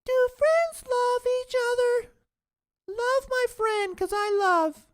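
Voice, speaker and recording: A man voicing a dopey, naive viewer who asks silly questions in a high, drawn-out, mocking whine. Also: fairly bright tone, heavily acted.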